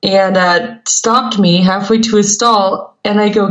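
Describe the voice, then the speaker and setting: A woman's voice: mid-range voice, steady tone, moderate pace, few pauses. Woman on a podcast, telling a story and doing all the voices, kinda muffled lo-fi sound. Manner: storytelling, acts out both sides of a dialogue. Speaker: co-host. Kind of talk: casual podcast chat. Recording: dull lo-fi recording.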